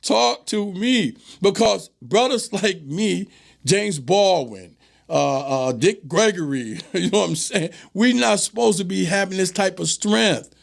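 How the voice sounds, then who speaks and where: A man's voice: high voice, lively intonation, a little slow, vocal fry. A man hosting his own talk show, giving an emphatic commentary monologue and repeating phrases for stress. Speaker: show host. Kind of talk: direct-to-camera commentary monologue.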